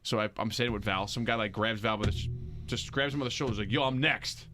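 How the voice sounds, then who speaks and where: A man's voice: on the low side, fast, soft background music. A man co-hosting a casual podcast, telling rambling stories with lots of restarts and swearing. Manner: rambling, animated storytelling with many restarts and swearing. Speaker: podcast co-host. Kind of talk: casual chat.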